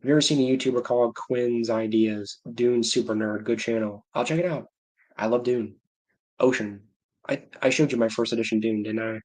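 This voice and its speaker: A man's voice: medium pitch, fairly even intonation, brisk, darkish tone. Rambling man chatting on a livestream. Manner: rambling, self-interrupting, laughing to himself. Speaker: livestream host. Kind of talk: casual livestream chat.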